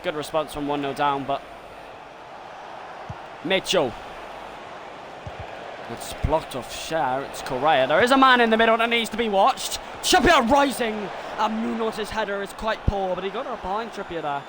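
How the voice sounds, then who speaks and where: A young man streaming a football video game, giving his own excitable commentary that swings between frustrated rants and shouted goal calls. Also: high-pitched, background noise. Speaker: gaming streamer doing self-commentary.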